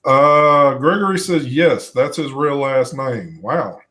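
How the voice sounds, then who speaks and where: Co-hosting a live vaping show, a man chats in a laid-back way, reading viewer comments aloud and swearing casually now and then. His mid-range voice is pushed and bright, and he takes it slowly in this casual live-stream chat.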